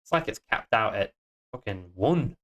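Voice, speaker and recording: A man doing a Scottish accent while live-streaming his game coding, muttering to himself, swearing and breaking into sudden excited outbursts. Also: fairly low pitch, normal speed. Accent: Scottish (put on).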